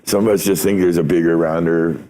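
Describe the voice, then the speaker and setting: A man's voice: sits low, steady tone, a little fast, warm tone. A man hosting a podcast interview, talking in a loose, rambling way with casual swearing. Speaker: podcast host.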